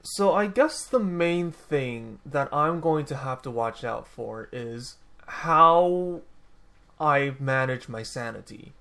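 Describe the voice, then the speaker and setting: A man's voice: medium pitch, animated, slow, vocal fry, sharp tone. Man casually narrating his gameplay. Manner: rambling, self-correcting, dry sarcasm. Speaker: gaming YouTuber.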